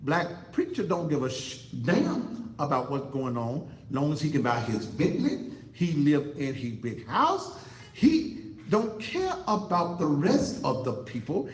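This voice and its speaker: An online talk show host delivers a fiery, preachy monologue to the camera, repeating himself for emphasis. His slightly high voice is unhurried with huge pitch swings. The audio is poor and reverberant, recorded on a computer setup facing a monitor.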